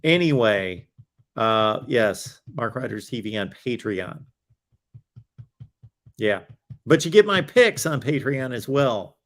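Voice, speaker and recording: Male livestream host, mid-pitched, tired and rambly, casual chat with a fading voice. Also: very animated, slow pace, long pauses. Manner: rambling, chatty, with fillers and self-asides. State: tired, voice wearing out. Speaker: host of a college football livestream.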